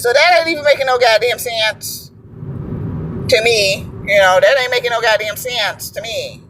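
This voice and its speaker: A woman's voice: a little high, normal speed, a bit bright, slight background noise, low-quality recording. A woman vlogging casual commentary from a moving car, slangy and chatty, stumbling over words when she reads aloud. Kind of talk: casual commentary while driving.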